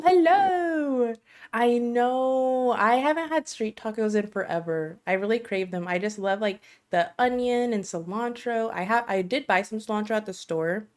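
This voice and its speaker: An American woman chatting casually on a live stream, bubbly and self-deprecating, laughing often. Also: medium pitch. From United States.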